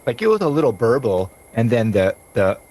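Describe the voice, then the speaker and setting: A man narrating as game master of a tabletop game, rambling with frequent pauses and restarts. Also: medium pitch, sing-song, darkish tone, rough recording.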